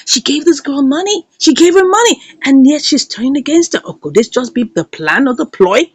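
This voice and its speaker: A woman's voice: sits high, expressive, fairly quick. A woman giving recap commentary on a series, retelling scenes dramatically and acting out the characters' lines. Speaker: series reviewer.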